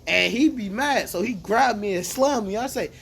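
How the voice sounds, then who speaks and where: A young man in casual chat, excitedly spinning an imagined story, laughing often and acting out lines. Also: high voice, normal speed, creaky, slight background noise.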